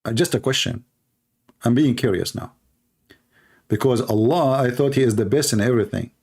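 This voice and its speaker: Animated man acting out little dialogues. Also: normal speed, gravelly, husky. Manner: animated, acts out dialogues in higher voices. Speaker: commentator. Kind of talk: casual talk to camera.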